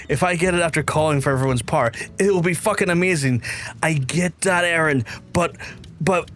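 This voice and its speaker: A young man from Belfast with a softened Belfast accent, chatting and rambling to his viewers while he streams a game. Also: on the high side, a little hiss or hum. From Northern Ireland. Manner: rambling, chatty, reads chat aloud. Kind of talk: casual game stream chat.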